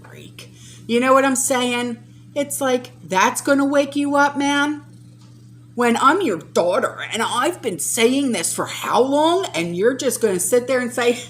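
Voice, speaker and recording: A woman's voice: mid-range voice, expressive, unhurried, a bit bright, slight background noise. A woman vlogging about prepping, talking to viewers in an emphatic, exasperated, lecturing way. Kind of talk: casual to-camera vlog talk.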